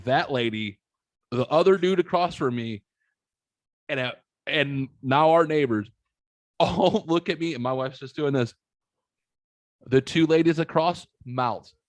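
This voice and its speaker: A man's voice: mid-range voice, dry recording. A man in his thirties hosting a podcast, telling a long story casually, swearing freely and acting out what people said. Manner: profane, animated storyteller acting out quotes. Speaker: podcast host.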